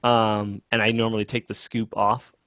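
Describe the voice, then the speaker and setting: A man's voice: lowish voice, level tone, moderate pace, fairly bright tone, no echo, studio quality. A male podcast host talking casually and laid-back, with the odd swear word. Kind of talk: casual chat.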